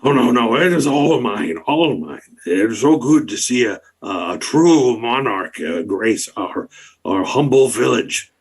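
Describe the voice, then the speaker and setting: A man's voice: mid-range voice, animated, a little slow, husky. A man playing a stammering, fawning frog-folk duke. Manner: stammering, over-polite, bowing and scraping. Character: fawning male frog-person duke, flustered and florid.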